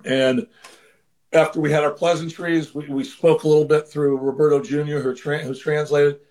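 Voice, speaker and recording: A man's voice: on the high side, level tone, moderate pace, a little mellow. A man as an interview guest, earnestly telling a personal story in casual conversation, sometimes acting out the voices of the people in it. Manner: earnest, acts out quoted voices. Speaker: interview guest, former baseball manager.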